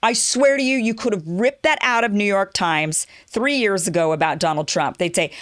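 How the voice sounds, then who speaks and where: A woman hosting her own political commentary show, talking in an animated, sarcastic way and mocking her opponents. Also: fairly low pitch, fairly quick, hardly any pauses, dry recording, clean studio sound. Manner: animated, sarcastic, mocks opponents in quoted voices.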